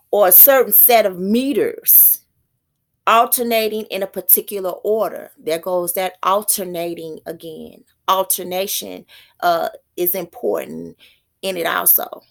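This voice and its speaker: A woman giving an informal religious teaching, halting and repeating words as she thinks aloud. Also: medium pitch, creaky. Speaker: prophetess.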